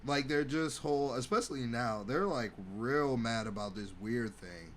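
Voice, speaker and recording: A man's voice: medium pitch, expressive, normal speed. A man hosting a podcast, riffing in a loose, rambling comedic monologue, with faint hum behind. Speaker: podcast host.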